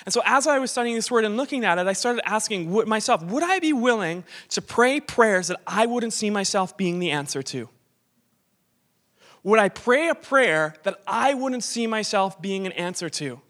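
A man's voice: high voice, expressive, moderate pace, a bit bright. A man preaching a conversational sermon in an informal, self-questioning way, often restarting his sentences.

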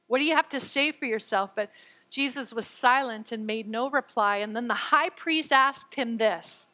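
At normal speed and on a rough recording, she preaches by reading scripture and then explaining it herself. Her voice is fairly high, bright, and forward; she acts out the quotes and sometimes stumbles over words when excited.

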